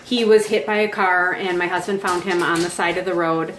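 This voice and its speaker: A woman's voice: on the low side, steady tone, brisk, fairly bright tone, roomy sound. A woman in her forties on a farm, chatting in a rambling, casual way with frequent fillers. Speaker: vlog host. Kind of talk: casual chat. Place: home on a farm.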